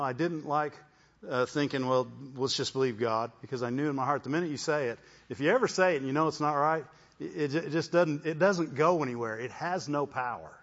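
Muffled lo-fi recording of a preaching man. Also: on the high side. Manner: repeats words, calls out "Amen?". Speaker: pastor. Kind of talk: sermon testimony.

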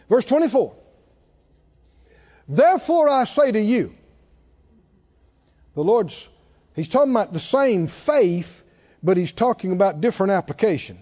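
Emphatic preacher in a reverberant hall. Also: male voice, high-pitched, mellow, breathy edge. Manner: emphatic, repeats and stresses words, rises and drops sharply. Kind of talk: sermon. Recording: dull lo-fi recording in a reverberant hall.

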